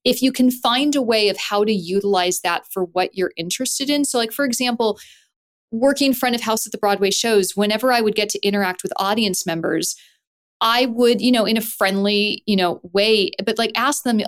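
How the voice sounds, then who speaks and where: A woman actor and writer talking as a podcast guest, animated, with her voice leaping up often. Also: a little fast. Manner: animated, with wide swoops up in pitch. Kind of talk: conversational interview.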